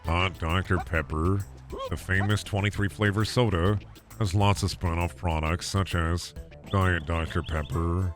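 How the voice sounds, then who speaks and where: A man putting on a slow, low, drawling voice for a lazy male cartoon cat. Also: fairly even intonation, soft background music. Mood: droning. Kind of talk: comic voice impression.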